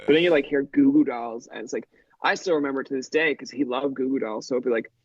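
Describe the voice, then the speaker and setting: A man in his thirties talking casually on a podcast. He tells stories in an animated way, acts out what people said, and fills his speech with "like.". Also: medium pitch, quick pace, dry recording, lo-fi sound. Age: 30s. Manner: animated storyteller, acts out quotes, says "like" a lot.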